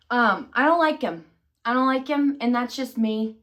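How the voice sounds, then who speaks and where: A vlogger speaks to camera in a slightly high, fairly bright, animated voice at moderate speed. Her casual rambling is self-deprecating and disjointed, full of fillers and restarts as her thread slips away.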